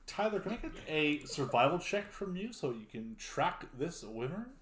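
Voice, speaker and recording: A man's voice: fairly high pitch, big pitch swings, moderate pace, a bit bright, echoey room. Laid-back man running a tabletop game. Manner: laid-back, filler-heavy narration. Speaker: game master.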